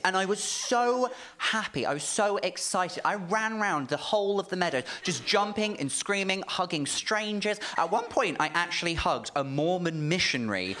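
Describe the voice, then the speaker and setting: A man in his thirties telling a camp, chatty stand-up story on stage, checking in with the crowd. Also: high voice. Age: 30s. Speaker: stand-up comedian. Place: comedy club stage with a live audience. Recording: noisy live club recording.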